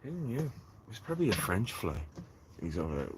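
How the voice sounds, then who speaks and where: A man's voice: lowish voice, big pitch swings, brisk, very noisy. A man chatting casually on a gardening live stream, rambling and joking with viewers from his greenhouse. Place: in a greenhouse in the rain.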